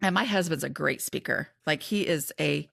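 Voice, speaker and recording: A woman's voice: low voice, normal speed, vocal fry, a bit bright, dry recording, studio quality. A middle-aged woman, an author and podcast guest, talking in a chatty, candid way and often interrupting herself. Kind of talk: casual conversation.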